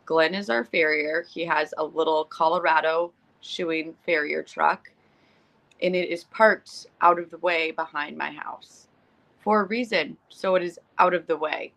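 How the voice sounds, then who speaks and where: Gravelly, bright-voiced woman telling a story. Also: deep voice, unhurried. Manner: animated, swears freely, acts out quotes. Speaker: podcast co-host. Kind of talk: casual storytelling chat.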